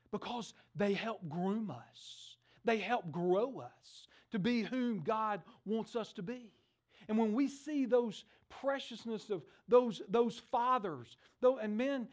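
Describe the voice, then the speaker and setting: A middle-aged man preaching a sermon, telling stories with lively acted-out voices. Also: high voice. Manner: animated storytelling, acts out voices in the stories. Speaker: pastor.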